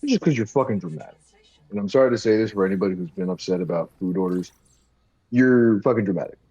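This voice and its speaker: Male co-host, husky and outspoken, recorded dull and dry. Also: on the low side, lively intonation, fast, dark tone, no room sound. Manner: blunt, profane, opinionated. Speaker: podcast co-host. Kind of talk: casual chat.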